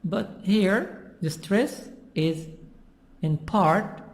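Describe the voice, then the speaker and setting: A teacher explaining English pronunciation slowly, with lots of repetition. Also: medium pitch. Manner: slow, repetitive and patient. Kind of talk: classroom explanation.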